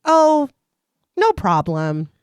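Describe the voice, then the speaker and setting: A woman's voice: mid-range voice, big pitch swings, very slow, clean tone, no room sound, studio quality. A woman reading out a mischievous, cruel male leprechaun's lines with a mildly put-on, mocking delivery.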